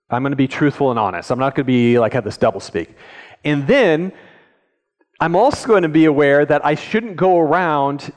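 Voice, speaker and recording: A male pastor giving a conversational sermon, often checking in with the audience with questions. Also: on the high side. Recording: echoey hall.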